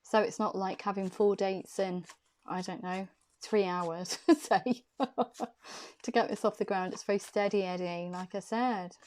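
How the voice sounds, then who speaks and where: A tarot reader speaks to camera in a steady, slightly mellow mid-range voice at a measured pace, giving an intuitive reading. She's chatty and reassuring, repeats phrases for emphasis, and encourages in a soothing way.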